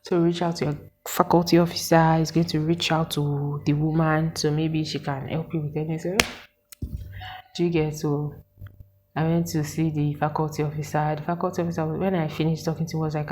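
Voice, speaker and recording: A Nigerian woman in her twenties, telling a story to her viewers in an animated, exasperated way and asking them questions. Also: deep voice, brisk, noisy background. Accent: Nigerian English with Pidgin words. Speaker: vlogger. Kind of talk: casual storytelling to camera.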